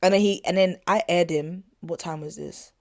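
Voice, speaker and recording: A woman's voice: on the low side, fairly even intonation, normal speed, a little mellow, no echo, clean studio sound. A young woman hosting a podcast, telling a personal story in a chatty, slangy way, full of asides and "not gonna lie" fillers. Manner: indignant, retelling an argument. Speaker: podcast host. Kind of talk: casual storytelling to listeners.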